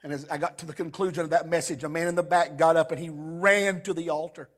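A man preaching a sermon to a live church congregation with impassioned delivery, swinging between shouting and hushed storytelling. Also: a little high, fairly even intonation, fast talker. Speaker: pastor.

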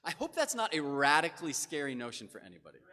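A man's voice: a little high, wildly swooping pitch, fast, sharp tone. A man preaching a sermon in a conversational, casual way, with loose asides and filler words. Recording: long hall reverb.

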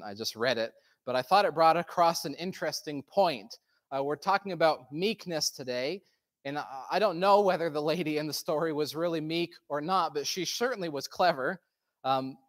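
Man, earnest sermon, measured and unhurried. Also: a little high. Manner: earnest, measured, with soft slowed prayer. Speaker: pastor. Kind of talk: sermon with prayer and storytelling.

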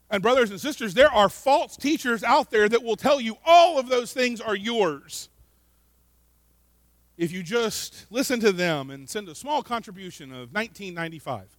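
A man preaching a sermon in an earnest way, often repeating words and swinging between loud emphasis and quiet asides. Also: high-pitched, lively intonation, moderate pace, no echo. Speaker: pastor.

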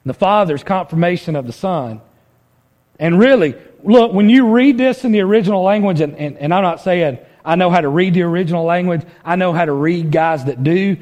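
Pastor, male, fairly high voice, preaches conversationally with lots of rhetorical questions. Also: a little fast, a little mellow. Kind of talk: sermon.

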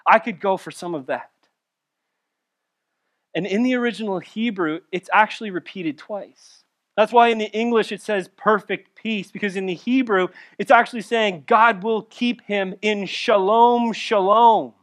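A male pastor delivering a sermon, swinging from loud emphatic lines to soft, intimate asides. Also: sits high, a little slow.

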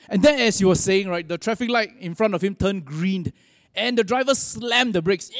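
Male pastor, high voice, sermon in a big reverberant hall, chatty, quizzes the crowd. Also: moderate pace, clean studio sound. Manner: conversational, asks the audience questions.

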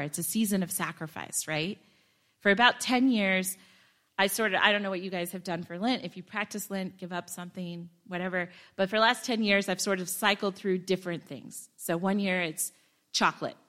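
A woman's voice: medium pitch, a bit bright. A woman preaching a sermon in a conversational way, with joking self-deprecating asides to the congregation. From Ohio, United States.

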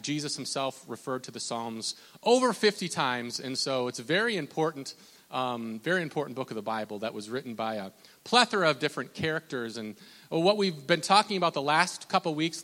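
A man preaching a sermon in a relaxed, conversational way, having the congregation repeat lines after him. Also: fairly high pitch. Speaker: pastor. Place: church hall. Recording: long hall reverb.

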